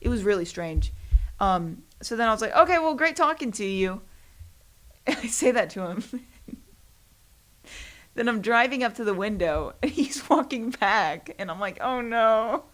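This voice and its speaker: Her voice is medium-pitched and lively, unhurried, with long pauses. She's a young woman chatting casually alone on her podcast, rambling and self-deprecating, often breaking into laughter.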